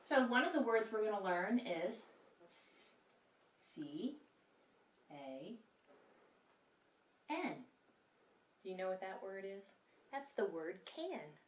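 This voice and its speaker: A woman teaching a kindergarten lesson to young children in an animated, sing-song voice, recorded in a classroom. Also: medium pitch, slow, pauses often, recorded from a distance. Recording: echoey room, mic set back.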